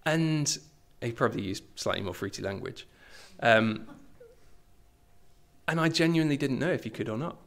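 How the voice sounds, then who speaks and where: Animated preacher. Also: male voice, mid-range voice, moderate pace, vocal fry. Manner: conversational and animated, with asides and self-deprecating humour. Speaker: pastor. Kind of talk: sermon.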